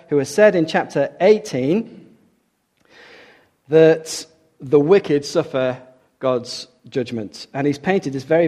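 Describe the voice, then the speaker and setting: A man's voice: on the high side, a little mellow. A man preaching a sermon as a preacher in a church, earnest and emphatic, repeating key words for stress.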